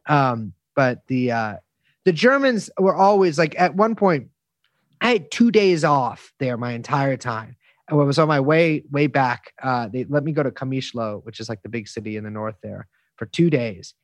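An American man appears as a guest in a casual storytelling interview, rambling through restarts and fillers and swearing freely. His mid-range voice is animated at a normal speed, and the recording is dry.

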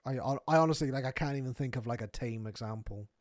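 A man's voice: medium pitch, quick pace, dry recording, studio quality. A young man co-hosting a podcast in casual chat, chatty and easily amused, reading out listener questions. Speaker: podcast co-host.

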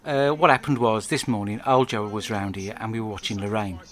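Crude deadpan English man rambling. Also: lowish voice, brisk. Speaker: podcast host. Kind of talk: comic diary monologue.

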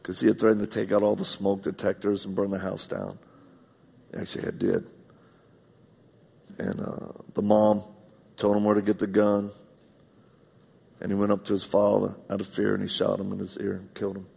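A man preaching a live sermon in a church, telling personal stories heartfelt, moving between loud, emphatic bursts and hushed, quiet passages. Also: fairly low pitch, normal speed, vocal fry, long pauses, breathy edge. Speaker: pastor. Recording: long reverb of a large hall.

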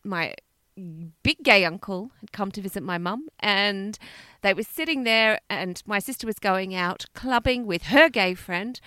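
Lively bright-voiced woman podcast host. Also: medium pitch, measured pace, smooth, no echo. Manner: chatty storyteller, laughs often. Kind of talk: casual chat.

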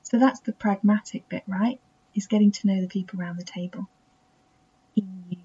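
A woman with a self-taught English accent that drifts toward American speaks in a mellow, husky voice. Her reflective podcast monologue stays soft and intimate, often dropping to a breathy near-whisper, and the recording sounds dull and muffled. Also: medium pitch, steady tone, normal speed. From England. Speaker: podcast host.

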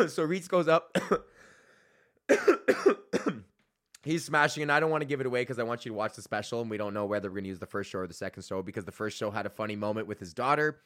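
A man hosting his own podcast, telling a profane, comedic story and reading his ads with sudden loud shouted bits. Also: mid-range voice, lively intonation, a little fast, long pauses. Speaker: podcast host.

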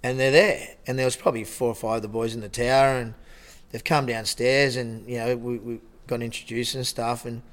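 An Australian man, a lifeguard on a TV show, telling stories in a rambling, animated way and acting out the dialogue. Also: mid-range voice, a little fast. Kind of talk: casual storytelling interview.

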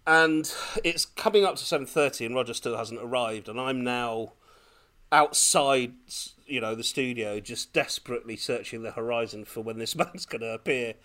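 Man telling a story, excited. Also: medium pitch, normal speed. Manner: animated, laughing, breathless when excited. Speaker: podcast co-host. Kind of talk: casual storytelling chat.

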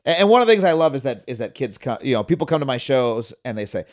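A man from Long Island, telling stories in an energetic casual conversation and laughing often as he hosts. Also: mid-range voice, fast talker, hardly any pauses. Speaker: host.

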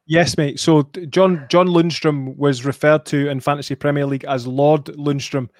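A Scottish man talking football on a podcast from home, cursing freely and restarting his sentences. His voice sits a little high for a man. The recording is dry and close, with no room sound. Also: steady tone, normal speed, dry recording. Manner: sweary and laughing, with frequent restarts. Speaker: podcast co-host. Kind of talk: casual football chat. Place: at home, remote.

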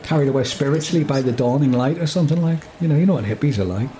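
A man's voice: medium pitch, very fast, warm tone. A man reading a story aloud and chatting about it in a jokey way. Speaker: story reader. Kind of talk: casual reading and chat.

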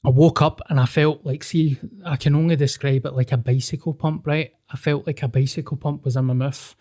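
Male podcast co-host, mellow voice, swears a lot, acts out quotes. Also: medium pitch, a little fast. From Scotland. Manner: sweary, animated storyteller acting out dialogue. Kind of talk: casual storytelling chat.

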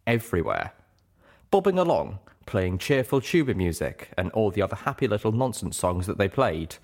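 Male audiobook narrator, deep voice, very lively and expressive delivery. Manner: expressive, dramatic reading. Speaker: audiobook reader. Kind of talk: scripted narration.

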